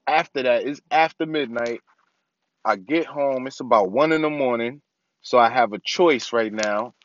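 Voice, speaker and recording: A man's voice: medium pitch, normal speed, no room sound, muffled recording. A young man hosting his own podcast, giving a casual, rambling update from inside his parked car with lots of ums. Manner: laid-back, rambling with many ums. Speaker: podcast host.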